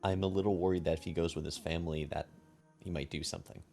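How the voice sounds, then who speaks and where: Flat, deep-voiced man. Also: quick pace, creaky, faint music behind. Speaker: player. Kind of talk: tabletop game play.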